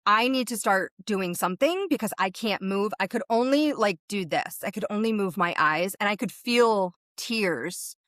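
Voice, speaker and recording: A woman at a middle pitch, talking as a medium who is a guest in an interview. She tells her story vividly, speeding up and slowing down with it, in a dry, close sound. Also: lively intonation, fairly bright tone, no echo. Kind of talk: recounting a personal experience in an interview.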